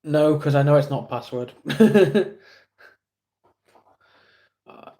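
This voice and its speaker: A man with an English accent chats casually with viewers on a live stream, rambling and self-deprecating. His voice is on the high side, expressive and mellow, and he speaks very slowly.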